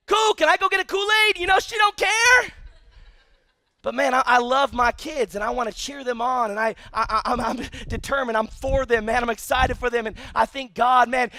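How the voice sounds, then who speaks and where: A middle-aged man preaching a sermon to a church congregation, animated and full of restarts, acting out quotes as he goes. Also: high-pitched, no room sound. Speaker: pastor. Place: church service.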